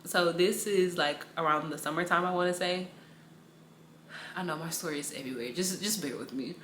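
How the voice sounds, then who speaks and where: A woman's voice: lowish voice, brisk, fairly bright tone, reverberant, slight background noise. Young woman rambling through a faith testimony. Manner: casual, rambling storytelling with slang and repetition. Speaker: Bible study teacher.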